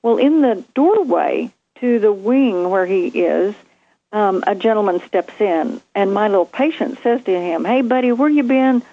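A woman, a former nurse, telling a vivid story from her training in a lively conversation. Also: mid-range voice, a little slow, no echo, phone-quality sound. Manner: animated, vivid storytelling with acted quotes. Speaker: guest, nurse.

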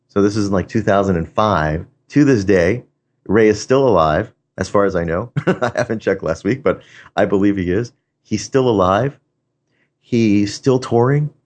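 Male storyteller, very low voice, loose conversational motivational telling. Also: a little mellow. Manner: conversational, frequent restarts and "you know".

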